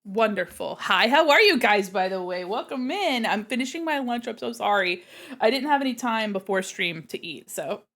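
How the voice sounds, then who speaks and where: A giggly young woman chats casually on a home stream and often talks with her mouth full. Her voice sits a little high. The mic is set back from her face, so she sounds a bit distant. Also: expressive, normal speed, fairly bright tone. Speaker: art streamer. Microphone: mic set away from her face.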